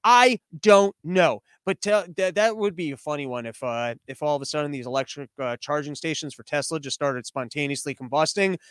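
A man's voice: on the high side, a little fast, hardly any pauses, a bit bright, smooth, no room sound. A man hosting a show from his living room studio, riffing in a rambling, sarcastic way with frequent restarts. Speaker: podcast host. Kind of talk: casual comedic commentary.

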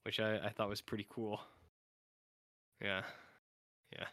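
A man's voice: lowish voice, little pitch movement, unhurried, pushed and bright, no room sound. A man from Canada co-hosting a podcast in casual, rambling chat, full of "like" and filler. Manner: rambling, filler-heavy, acts out silly voices. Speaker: podcast co-host.

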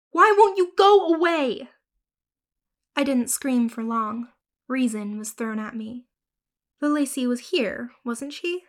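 A woman's voice: on the high side, fairly bright tone. Woman reading a grim horror tale. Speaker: narrator. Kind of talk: scripted horror story narration.

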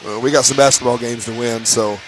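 A man announcing a high school basketball game in casual broadcast chat, rambling with frequent restarts. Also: fairly even intonation, quick pace, very noisy. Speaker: play-by-play announcer.

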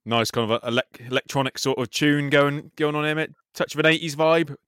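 A man casually commenting on a skate video with a co-host, excitable and swearing freely. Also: a little high, fairly quick, clean tone, no echo, studio quality. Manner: excitable, swears freely, says "mate" often.

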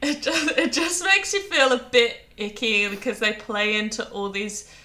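A woman co-hosting a podcast, chatting casually, giggling and quoting people in animated asides. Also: fairly high pitch, normal speed, slight background noise. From Britain. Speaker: podcast co-host. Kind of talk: casual chat.

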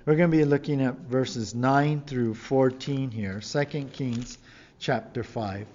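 A man's voice: mid-range voice, measured pace, darkish tone, highs cut off. A male pastor giving a conversational sermon, reading scripture and acting out the people in it with a raised voice. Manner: conversational preaching, acts out quoted figures with raised voice.

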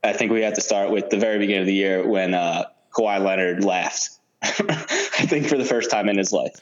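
A man's voice: lowish voice, brisk. Laid-back man on a dull lo-fi mic. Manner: relaxed, laughs often, many fillers. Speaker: podcast co-host. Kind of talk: casual sports chat. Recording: dull lo-fi sound.

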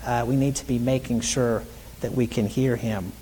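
A middle-aged man preaching a sermon in an earnest way, reading scripture aloud slowly. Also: mid-range voice, fairly even intonation, mellow, big-room sound, a little hiss or hum, poor audio. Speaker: pastor.

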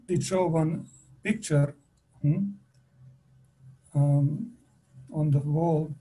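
Slow, husky man telling a devotional story. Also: fairly high pitch, rough recording. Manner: halting, many pauses and fillers, laughs softly.

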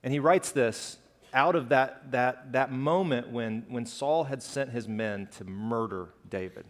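Conversational pastor with a hall echo. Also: male voice, mid-range voice, measured pace. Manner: conversational, rising to impassioned outbursts. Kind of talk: sermon. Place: church. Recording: hall reverb.

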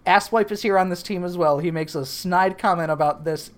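Lowish-voiced woman with dry, profane recaps. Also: fairly quick. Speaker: podcast co-host. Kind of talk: casual recap chat.

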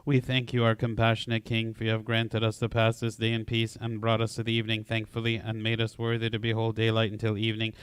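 A man recites liturgical prayers in a steady, flat monotone with almost no rise and fall. His voice is smooth and clean. The sound is dry and close, with no room around it. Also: on the low side, fast talker, few pauses, no room sound. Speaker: prayer leader.

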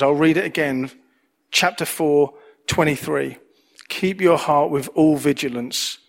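A man preaching a sermon as pastor, earnest, repeating key phrases for emphasis. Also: fairly high pitch.

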